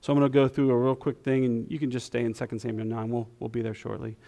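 A man preaching a sermon in a church, talking in a conversational, self-deprecating way and softening into quiet prayer. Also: mid-range voice, completely flat delivery, quick pace, vocal fry. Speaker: guest preacher. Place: church sanctuary.

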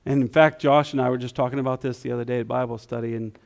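Gravelly-voiced man preaching. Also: mid-range voice, fairly even intonation, quick pace. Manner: conversational, self-deprecating, with soft prayerful passages. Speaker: guest preacher. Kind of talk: sermon. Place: church sanctuary.

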